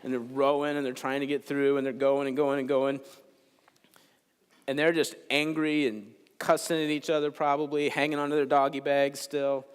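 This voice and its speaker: A man giving a chapel sermon in a relaxed, conversational way, telling a Bible story with jokes. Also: medium pitch, normal speed, clear, resonant tone. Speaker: chapel speaker. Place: large chapel. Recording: long hall reverb in a chapel.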